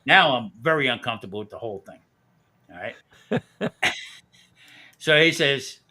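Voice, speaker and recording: A bright, forceful-sounding man hosting a casual live stream. He spins a long, profane anecdote, laughing often between lines. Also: mid-range voice, sing-song, normal speed, pauses often. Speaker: host.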